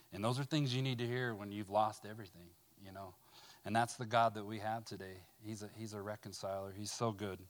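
A man sharing a personal recovery testimony, speaking haltingly with fillers and repeated words, then reading scripture aloud with rising fervor. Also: lowish voice, fairly even intonation.

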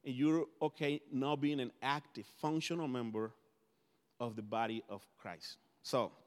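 A man's voice: mid-range voice, a little slow, clean tone. A man whose first language is Spanish, preaching a conversational sermon as pastor, often restarting his phrases. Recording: long hall reverb.

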